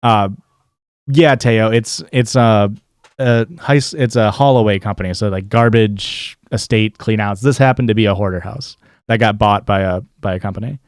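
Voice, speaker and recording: A man's voice: fairly low pitch, moderate pace, no room sound, studio quality. A male streamer telling a long story in a casual, rambling way, with plenty of swearing and filler words. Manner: rambling, profane, lots of likes and restarts.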